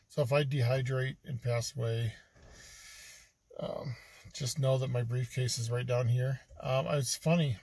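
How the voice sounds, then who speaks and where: A man's voice: mid-range voice, gravelly, slightly rough, no echo. A man talking casually and rambling to his vlog camera from inside a car, with lots of ums. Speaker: vlogger on a treasure hunt road trip. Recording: noisy car cabin, from the mic. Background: loud road and engine noise.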